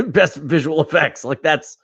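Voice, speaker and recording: Casual New podcast host, talkative, a bit higher-pitched, lo-fi recording. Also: male voice, slow pace, gravelly, a bit bright, slightly rough. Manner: rambling, laughs often, swears casually. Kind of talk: casual chat. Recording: dull lo-fi sound.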